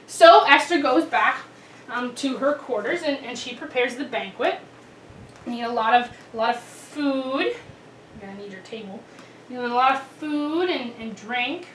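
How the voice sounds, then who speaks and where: A woman telling children a Bible story in a chatty, animated way, with many restarts. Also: fairly high pitch, unhurried, a little hiss or hum. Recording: roomy, distant mic.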